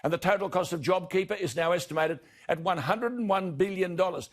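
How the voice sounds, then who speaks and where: An Australian man delivering an indignant broadcast opinion editorial, slowing down to hammer home key words. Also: sits high. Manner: indignant, emphatic, slows for stressed words. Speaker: broadcast commentator.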